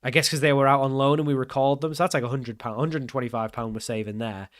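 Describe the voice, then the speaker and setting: A young man talks through a management game as he plays, thinking aloud and often puzzled by the rules, poking fun at himself along the way. His voice sits at an ordinary middle pitch, recorded close and dry with no room sound. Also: fairly even intonation, fast, dry recording. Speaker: gaming channel host. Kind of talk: casual gameplay commentary.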